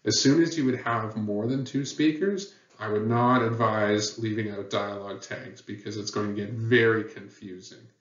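A man's voice: lowish voice, steady tone, normal speed, few pauses, fairly bright tone. A man teaching a lesson on writing rules, patient and plain, with many fillers. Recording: dull, roomy sound from a distant mic.

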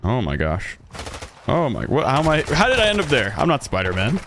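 A man's voice: mid-range voice, wildly swooping pitch, fairly quick, fairly bright tone, a little hiss or hum. A man streaming a shooter game, chatting casually, reacting aloud and thanking donors as he plays. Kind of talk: casual gameplay commentary.

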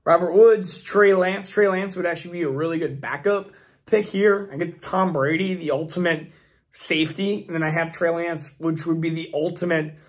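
A man hosting a fantasy football channel, his voice hoarse and failing, rambling through mock draft picks in casual commentary. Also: fairly high pitch, fairly even intonation, moderate pace. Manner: rambling, restarts often, thinks aloud.

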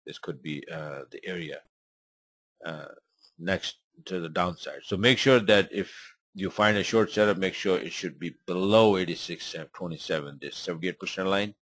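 A man's voice: low-pitched, normal speed, fairly bright tone, husky, dry recording. A man hosting a forex trading webinar, talking casually over charts in loose, rambling English full of fillers. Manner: rambling and informal, many fillers. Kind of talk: live webinar chart commentary.

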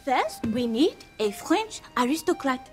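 A woman's voice: sits high, very animated, measured pace, over music. A woman playing a boastful, gleeful female waxwork maker in a comedy sketch. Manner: boastful, cackling, showy.

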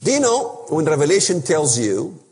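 Man, preaching a Bible lesson, emphatic rhetorical questions, high voice, echoing hall. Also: very animated, moderate pace, darkish tone, slight background noise. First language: Arabic. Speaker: speaker on biblical prophecy. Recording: long reverb of a hall.

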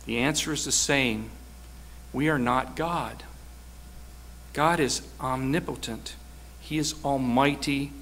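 A man's voice: mid-range voice, slow pace, long pauses, a bit bright. A man preaching a sermon, telling a personal story with earnest, rising emphasis.

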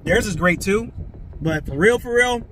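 Man, high voice, excited casual food review, parked car, faint traffic outside. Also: unhurried. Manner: excited, keeps saying "guys" and "man". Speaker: food vlogger. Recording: faint road noise from inside a car. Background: cars passing by.

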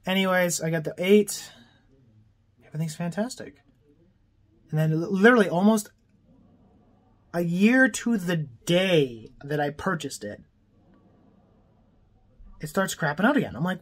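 A man's voice: high voice, expressive, unhurried, pauses often. A young man from Canada ranting angrily to his viewers, swearing often and sounding exasperated. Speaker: vlogger. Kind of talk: angry rant to camera.

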